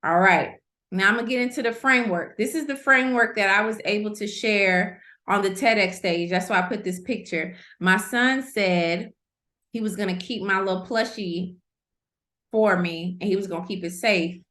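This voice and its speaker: Middle-aged female coach, chatty lesson delivery, mid-pitched voice, echoey room. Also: normal speed. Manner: lively, conversational, repeats points for emphasis. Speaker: host, coach. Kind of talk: online masterclass teaching. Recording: roomy echo.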